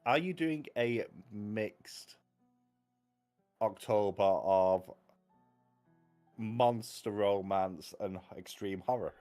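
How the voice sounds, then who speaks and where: A man's voice: fairly low pitch, extremely slow, pauses often, darkish tone, soft background music. A man chatting casually as a book channel host, rambling and wry, cutting himself off mid-sentence. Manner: rambling, self-interrupting, wry. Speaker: booktube host. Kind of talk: casual chat.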